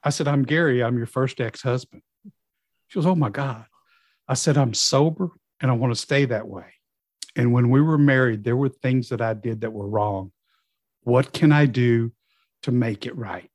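A middle-aged man telling a personal recovery story, acting out quoted dialogue with lively storytelling. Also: mid-range voice, moderate pace, no room sound, studio quality. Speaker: guest in recovery.

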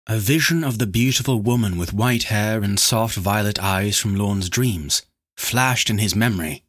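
A man narrating a fantasy novel chapter in a steady, dramatic storytelling manner. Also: fairly low pitch, moderate pace. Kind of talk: scripted audiobook narration.

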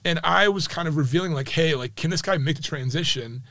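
A man, a sports journalist, telling anecdotes in a podcast interview in a lively, chatty way, with many asides like "right?". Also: a little high, fairly quick, no echo. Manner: animated, chatty, full of "like" and "right?".

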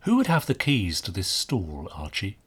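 A man voicing a stern Victorian police inspector, asking brisk, authoritative questions in a storybook reading. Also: low voice, wildly swooping pitch, slightly rough, heavily acted. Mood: probing.

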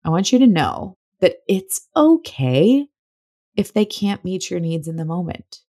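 A young woman talks through her own podcast in a loose, chatty way, sometimes laughing. Her voice sits on the low side. The sound is dry and close, with no room around it. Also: very animated, a little slow, dry recording. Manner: chatty and warm-hearted, breaks into laughs. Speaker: podcast host. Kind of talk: casual solo podcast talk.

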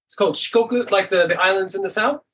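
A middle-aged man chatting as a podcast guest, relaxed and rambling, with lots of "and stuff". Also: sits high, fast, a little hiss or hum. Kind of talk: casual conversation.

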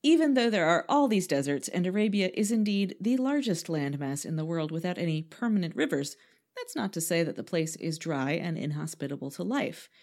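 A woman's voice: lowish voice, sing-song, fairly quick, darkish tone. A woman co-hosting a podcast, reading from a script with playful, self-mocking asides and frequent laughter. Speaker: podcast co-host.

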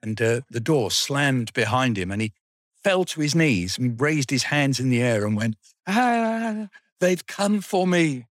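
A man's voice: mid-range voice, moderate pace, no echo. An older man, telling school memories in a rambling, dryly funny way. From England. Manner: rambling storyteller, dry humour. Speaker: guest. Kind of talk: reminiscing interview.

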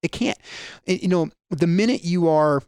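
A man's voice: fairly high pitch, normal speed, smooth, no room sound, studio quality. A man talking through ideas in a casual podcast conversation, acting out quoted people as he goes and often restarting his sentences. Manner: animated storyteller, acts out quoted voices, frequent restarts. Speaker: guest speaker on mindset.

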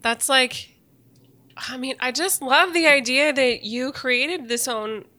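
A woman's voice: sits high, slow pace. A woman podcast host and nurse who talks in an effusive, emotional way and answers with short reactions. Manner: warm, effusive, emotional, gives short back-channel replies. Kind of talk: casual interview conversation.

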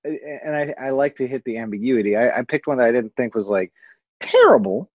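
A man's voice: medium pitch, big pitch swings, fairly quick, dry recording. Hesitant man on dull lo-fi audio. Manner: hesitant, restarting sentences. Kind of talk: casual chat.

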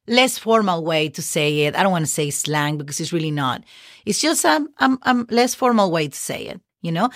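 A woman's voice: medium pitch, a bit bright, no room sound, clean studio sound. A woman hosting a podcast lesson, chatty and encouraging, spelling words out letter by letter. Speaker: Spanish teacher and podcast host. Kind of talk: relaxed podcast language lesson.

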